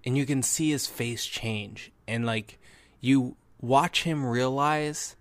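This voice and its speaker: A man's voice: mid-range voice, takes it slowly, no room sound. Enthusiastic young man, dry podcast voice. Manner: enthusiastic, rambling with fillers and restarts. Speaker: podcast host. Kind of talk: casual movie review.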